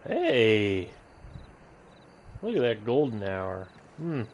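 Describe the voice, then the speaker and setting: A man's voice: lowish voice, moderate pace, darkish tone, slight background noise. Rambling male gameplay streamer. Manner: rambling, self-interrupting, goes off on tangents. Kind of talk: casual live gameplay commentary.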